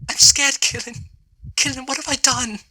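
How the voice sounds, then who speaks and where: A man's voice: very high voice, level tone, moderate pace, sharp tone, exaggerated voice. A man voicing a terrified, tearful young woman. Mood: sobbing. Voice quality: tearful, shaky voice. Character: frightened, sobbing young woman in despair.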